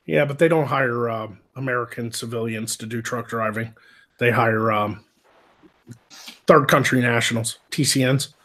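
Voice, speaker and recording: A military veteran co-hosting a podcast chats casually, rambling along with heavy swearing and many restarts. His voice is medium-pitched and fairly bright, with a steady tone at a moderate pace.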